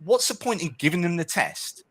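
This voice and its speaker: A man's voice: high voice, expressive, fairly quick, a bit bright, breathy edge. A man speaking as a guest in a casual discussion, arguing animatedly and often checking in with "right?". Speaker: guest author.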